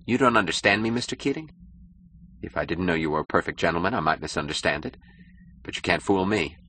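A man's voice: deep voice, expressive, fast, pushed and bright, slight background noise. A man doing a suave, mocking powerful publisher. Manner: smooth, grave, mocking. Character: suave cynical powerful older male publisher.

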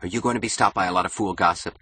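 A man voicing an excitable, pushy young male architect who breaks into agitated, shrill outbursts. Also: very fast, a little hiss or hum.

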